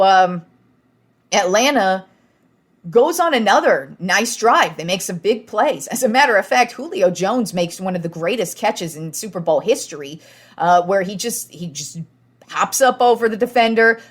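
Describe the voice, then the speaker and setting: A young woman hosting a sports podcast, talking casually and excitedly, swearing freely and acting out what players said. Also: mid-range voice, moderate pace. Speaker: podcast host.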